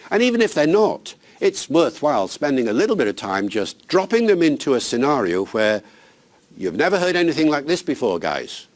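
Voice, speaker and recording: An older man, a linguist, giving teachers unscripted advice in an animated, emphatic, conversational way. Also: mid-range voice. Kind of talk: unscripted explanatory talk.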